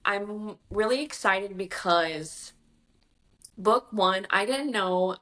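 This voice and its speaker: A woman's voice: medium pitch, slow. Chatty author woman, gets emotional. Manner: chatty, emotional, quotes others in animated voices. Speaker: author guest. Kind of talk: casual interview chat.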